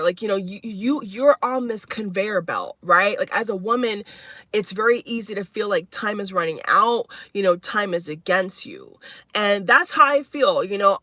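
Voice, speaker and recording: A woman's voice: medium pitch, pushed and bright, no room sound. A woman in her twenties talking candidly in a personal vlog, emphatic and repetitive, full of "you know" and "like". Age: 20s. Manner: emphatic, repeats herself, fillers like "you know". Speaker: spiritual vlogger.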